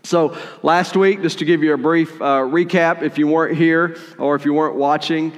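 A man preaching a sermon in a conversational, animated way, with playful asides while retelling a story. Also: a little high, moderate pace, long reverb tail. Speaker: pastor.

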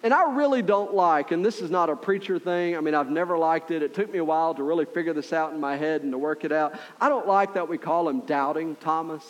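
A middle-aged male pastor with a fairly high-pitched voice preaches a sermon in an earnest, conversational way. He frequently checks in with his listeners through quick asides.

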